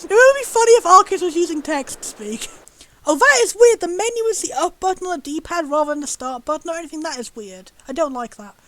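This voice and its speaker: Bubbly high-voiced woman streamer. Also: a little fast, poor audio. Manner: bubbly, gushing, easily excited. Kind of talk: live gameplay commentary.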